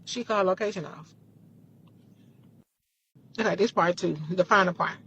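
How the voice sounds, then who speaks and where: A woman vlogger casually retelling a personal story, animated and full of profanity. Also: fairly low pitch, moderate pace, breathy edge, highs cut off.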